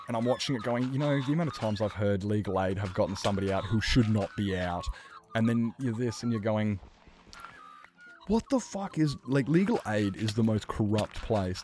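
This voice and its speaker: An Australian man streaming a game, chatting casually in a rambling, sweary, animated way. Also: on the low side, fairly quick, a little hiss or hum. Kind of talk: casual chat while gaming.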